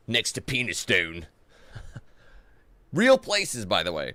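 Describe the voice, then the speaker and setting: A man's voice: fairly low pitch, wildly swooping pitch, takes it slowly, pauses often, bright, forceful tone, no echo. A man giving casual let's-play commentary, rambling and swearing with jokey asides. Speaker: gaming commentator.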